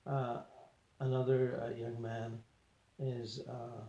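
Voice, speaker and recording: Gravelly man telling a story haltingly. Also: mid-range voice, flat delivery, mellow, dull audio. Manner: halting, filler-heavy storytelling. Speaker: journal vlogger. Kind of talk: recounting an out-of-body experience. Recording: echoey room.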